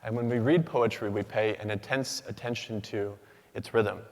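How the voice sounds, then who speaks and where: A young man giving a prepared academic talk to an audience, speaking in a measured, rhythmic way with pauses between listed words. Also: on the low side, fairly even intonation. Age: young adult. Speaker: PhD candidate giving a symposium talk. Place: large lecture hall. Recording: long reverb of a large hall.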